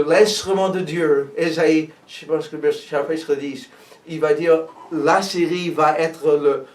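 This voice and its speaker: A man with an American accent, a pastor preaching prophecy, switching between English and French with halting restarts. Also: fairly high pitch, recorded from a distance. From United States. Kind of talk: bilingual prophetic sermon. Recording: echoey room, speaker away from mic.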